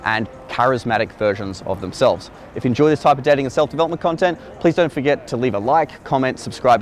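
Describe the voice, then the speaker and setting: A man's voice: lowish voice, slight background noise. A young man, a dating coach, telling a story casually in a blunt, profane way. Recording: echoey room.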